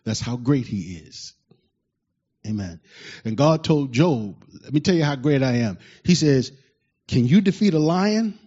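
A man preaching a sermon to a congregation. He preaches with fervor, swinging between loud, emphatic exclamations and quiet asides. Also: medium pitch, expressive, unhurried, slightly rough. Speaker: pastor. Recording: dull lo-fi recording.

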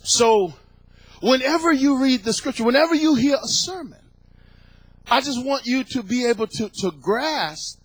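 A middle-aged pastor with a strikingly high voice preaches with rising fervor, repeating phrases and breaking into shouts. The sound is close and dry, with no room around it. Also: male voice, husky, no echo, low-quality recording. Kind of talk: sermon.

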